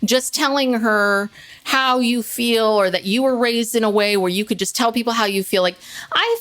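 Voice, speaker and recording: A woman co-hosting a podcast in casual chat, talking in quick restarts and dropping lower to mimic others. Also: a bit bright. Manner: chatty, restarts a lot, mimics people in a lower voice. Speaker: podcast co-host.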